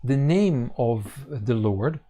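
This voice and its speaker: A man teaching a congregation on scripture, pausing often with fillers and restarting his sentences. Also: medium pitch, expressive, mellow. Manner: halting, many fillers and restarts. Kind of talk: bible teaching.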